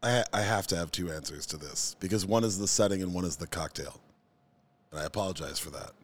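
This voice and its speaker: A man in his forties telling a story in a relaxed, casual chat. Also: deep voice, a little fast. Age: 40s.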